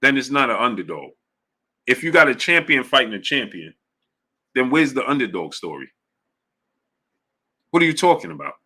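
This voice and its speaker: A man hosting a live stream, greeting viewers in the chat and arguing with them in an exasperated, repetitive way. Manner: exasperated, repetitive, voice jumps high when arguing; drops low and quiet when giving up.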